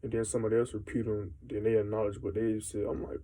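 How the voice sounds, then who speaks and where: A man's voice: lowish voice, flat delivery, fast, warm tone, rough recording. A young man venting in a casual, rambling monologue, frustrated and full of slang and swearing.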